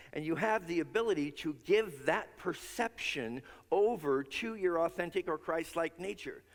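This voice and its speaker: A man preaching a sermon as minister, earnest, leading his congregation in spoken affirmations. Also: a little high. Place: large church sanctuary. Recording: long hall reverb.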